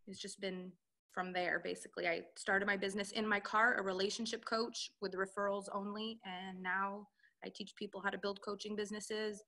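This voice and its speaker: A woman's voice: medium pitch, bright, forceful tone. A woman coaching entrepreneurs, telling her personal story in an interview and acting out the dialogue she quotes. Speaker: relationship and business coach, guest.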